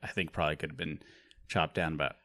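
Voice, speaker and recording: A man's voice: extremely low pitch, steady tone, fast talker, fairly bright tone, dry recording. A man co-hosting a casual podcast about movies, joking and rambling with frequent laughs. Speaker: podcast co-host.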